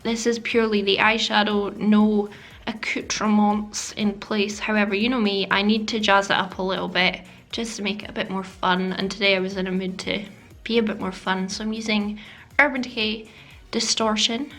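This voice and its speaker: A woman's voice: medium pitch, steady tone, moderate pace, fairly bright tone. A woman narrating a makeup tutorial voice-over, chatty and self-deprecating, sometimes dropping to a whisper. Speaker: beauty vlogger. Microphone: voice-over mic.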